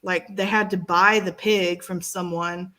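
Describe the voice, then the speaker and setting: A woman's voice: lowish voice, fairly even intonation, unhurried, bright, forceful tone, rough recording. A woman co-hosting a casual talk show, speaking with strong feeling and many restarts. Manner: emotional, rambling with many restarts. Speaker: podcast co-host. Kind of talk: casual chat.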